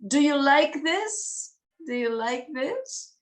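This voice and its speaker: Slow, patient woman teaching English. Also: high voice, big pitch swings, recorded from a distance. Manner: patient, repeats words, laughs often. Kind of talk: slow classroom explanation to beginners.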